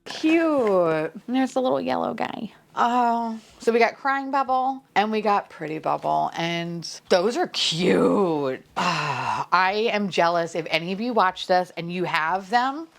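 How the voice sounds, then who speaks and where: A woman's voice: medium pitch, lively intonation, slow, gravelly, hardly any pauses. Gushing young woman unboxing toys. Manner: gushing, swears a lot, squeals with delight. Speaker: unboxing vlogger. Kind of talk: casual unboxing chat.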